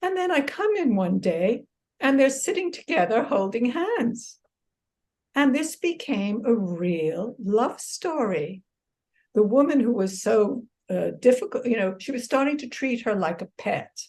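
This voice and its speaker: A woman's voice: on the high side, very animated, unhurried, a little mellow. Earnest woman reflecting in an interview. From United States. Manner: earnest, reflective, with restarts and light laughs. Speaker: author and exercise therapist, guest. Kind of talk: casual interview conversation.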